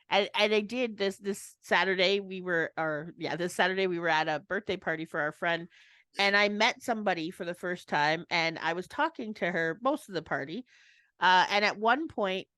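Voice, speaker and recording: A woman's voice: lowish voice, a bit bright, dry recording. Rambling, chatty woman co-host. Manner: rambling, laughs often, restarts mid-thought. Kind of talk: casual chat.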